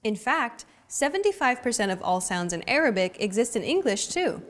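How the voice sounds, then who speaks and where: Lively woman hosting a language lesson. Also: fairly high pitch, normal speed. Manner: clear, explanatory. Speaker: lesson host.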